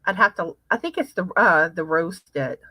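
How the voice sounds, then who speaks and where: A woman hosting a casual live chat, reading viewer comments aloud in an unhurried way. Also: fairly low pitch, expressive, pushed and bright, no echo. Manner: chatty, unhurried, pauses to read comments. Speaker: livestream host. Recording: slightly muffled, dry sound.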